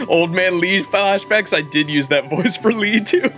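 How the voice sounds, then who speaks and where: A man's voice: high voice, expressive, slow pace, pauses often, fairly bright tone, faint music behind. A young man streaming a game live, chatting casually, laughing and reading dialogue aloud. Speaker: gaming streamer. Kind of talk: live game playthrough commentary.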